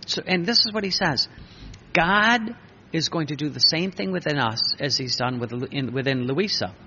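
A man preaching a sermon, emphatic and repetitive, with a gravelly voice. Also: a little high, animated, normal speed, bright, forceful tone. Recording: dull lo-fi recording with faint noise.

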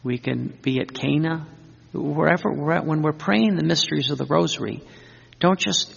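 A man's voice: on the high side, moderate pace, gravelly, slightly rough. A man preaching an earnest Catholic-style sermon, repeating himself, restarting phrases and building long fervent lists. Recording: dull lo-fi sound with long hall reverb.

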